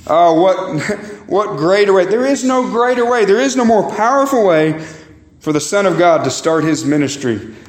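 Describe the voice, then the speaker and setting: Man, pastor, sermon, emphatic, slightly high voice, roomy echo. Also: animated, moderate pace. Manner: emphatic, swings pitch high and low, repeats words; addresses congregation as "guys" and "beloved". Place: church sanctuary.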